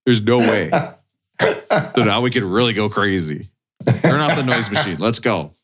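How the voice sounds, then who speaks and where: A man with a fairly low voice co-hosts a loose comedy podcast. He tells raunchy stories with big swings in his pitch, jumping between mumbles and loud punchlines. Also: expressive, unhurried, a little hiss or hum. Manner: crude storytelling, bursts of loud laughing delivery. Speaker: podcast co-host. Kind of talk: casual comedic banter.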